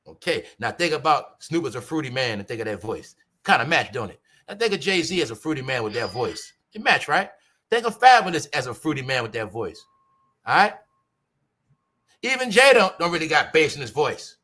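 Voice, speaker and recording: A man from New York with a high, bright voice chats at normal speed as host of a commentary show. His casual celebrity gossip is animated, addressed to the audience as "y'all," and full of mimicked voices.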